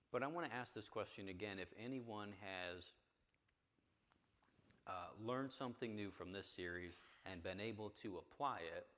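A man's voice: on the low side, a bit bright, in a large hall. A man leading an interactive Bible class, talking conversationally and asking the group questions. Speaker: church teacher. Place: church hall with a group.

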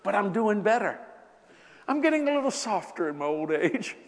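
A man in his seventies preaching a sermon, telling a personal story with lots of laughter and sudden loud bursts. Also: high-pitched, moderate pace. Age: 70s. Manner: animated, laughing, bursts of shouting. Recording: echoey hall.

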